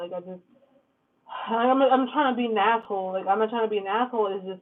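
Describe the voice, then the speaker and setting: A woman's voice: mid-range voice, fast talker. A woman giving a casual tarot reading, blunt and profane, full of "like" and "okay?". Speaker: tarot reader. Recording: lo-fi phone-like sound.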